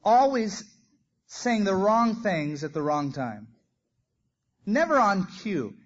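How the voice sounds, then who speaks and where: A man's voice: sits high, sing-song, slow. A man preaching a sermon, telling stories with animation and acting out the quoted lines. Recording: dull lo-fi recording.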